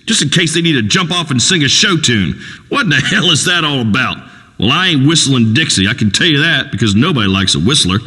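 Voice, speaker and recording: A man's voice: medium pitch, lively intonation, a little fast, pushed and bright, slightly rough, in a large hall, rough recording. An actor playing a crude, macho rural male talk-radio host in a comedy game radio show, drawling and preachy. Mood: boastful.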